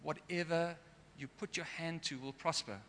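A man's voice: on the high side, steady tone, moderate pace, fairly bright tone. A man preaching a sermon in an earnest way, sometimes getting emotional. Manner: earnest, gets emotional at times. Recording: long hall reverb.

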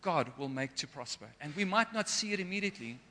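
A man's voice: high-pitched, expressive, fast, pushed and bright. A man preaching a sermon in an earnest way, sometimes getting emotional. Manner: earnest, gets emotional at times. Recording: long hall reverb.

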